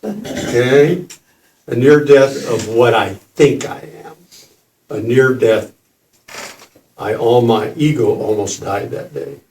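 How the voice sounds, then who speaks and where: A man's voice: mid-range voice, slow, pauses often, a little hiss or hum. An older man in his seventies telling a personal story at a spiritual gathering, laughing and putting on voices as he goes. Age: 70s. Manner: animated, laughing, mimics voices in his stories. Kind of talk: storytelling talk. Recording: roomy hall, distant mic.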